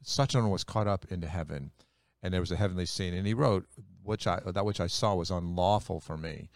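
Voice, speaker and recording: A man's voice: deep voice, fairly quick, no room sound, studio quality. A man who is a pastor and co-host, talking in a folksy, joking way with lots of restarts in a casual podcast chat.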